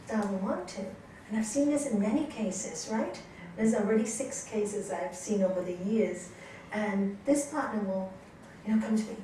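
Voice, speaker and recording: A woman yoga teacher recorded from across an echoey room, her voice sitting a little high. She tells stories to her class in an animated way, acting out the people she quotes. Faint room noise stays underneath. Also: distant mic.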